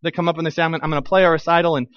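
Pastor, male, high voice, animated conversational sermon; dry, slightly dull recording. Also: racing, dry recording. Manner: animated, conversational preaching with acted-out asides.

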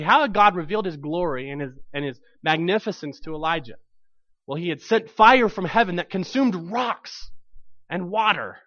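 A man's voice: sits high, a bit bright, dry recording, dull audio. A man preaching a sermon to his congregation, telling the story with animation and acting out the voices in it.

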